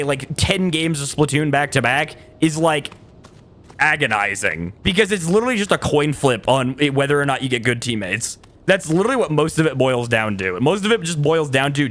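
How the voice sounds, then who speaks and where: Male gaming streamer, mid-pitched, loose rambling chat with frequent restarts. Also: fairly bright tone. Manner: rambling, self-correcting, trails off and laughs. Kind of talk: casual livestream chat while gaming.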